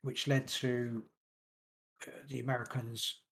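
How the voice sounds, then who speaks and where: A man hosting a podcast, reading long passages from his notes quickly and stumbling over words now and then. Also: medium pitch, flat delivery, creaky, a bit bright. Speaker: podcast host. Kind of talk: casual podcast chat, reading notes aloud.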